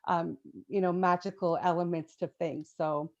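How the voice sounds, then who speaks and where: A chatty woman with a fairly low voice, talking loosely as an interview guest and packing her sentences with fillers. Her sound is a little dull and lo-fi. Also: steady tone, normal speed. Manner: chatty, many fillers, laughs often. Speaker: guest, children's book author. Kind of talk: casual interview chat.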